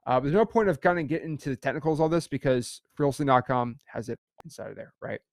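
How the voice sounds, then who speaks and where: A man's voice: medium pitch, fast, dry recording, studio quality. A man teaching an online real estate session in an emphatic, repetitive way, checking in with "okay" again and again.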